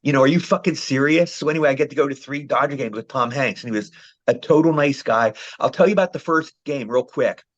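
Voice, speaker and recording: Over muffled, lo-fi call audio, a man with a medium-pitched voice speaks quickly as an actor guest in a relaxed interview. He rambles through his stories, saying "you know" again and again.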